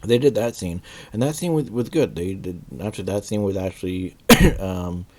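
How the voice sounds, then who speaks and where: Deep, mellow-voiced man rambling a review. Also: moderate pace. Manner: rambling, many fillers and restarts, searching for words. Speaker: video reviewer. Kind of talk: casual spoken review.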